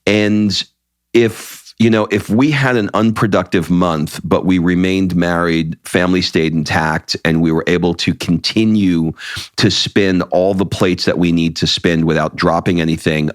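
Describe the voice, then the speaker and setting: A man's voice: deep voice, dry recording, clean studio sound. A middle-aged man co-hosting a podcast in casual chat, blunt and candid, swearing freely and often restarting his sentences. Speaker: podcast co-host.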